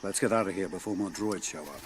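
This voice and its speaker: An actor playing a calm, stern older warrior monk who speaks firmly and commands, in a film clip. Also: male voice, sits low, quick pace, heavy background noise, natural voice. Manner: firm and commanding. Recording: film audio with loud score.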